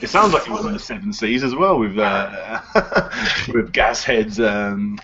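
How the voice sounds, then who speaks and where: A man's voice: lowish voice, a little slow, highs cut off, noisy background. A man hosting a live online quiz night, announcing scores in a loose, hesitant, chatty way. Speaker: quiz show host.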